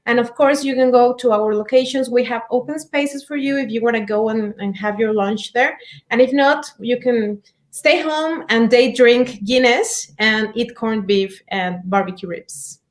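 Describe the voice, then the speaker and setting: A woman's voice: a little high, unhurried. A woman, a commercial director, chatting in a friendly way about restaurant offers and laughing easily. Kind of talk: casual promotional chat.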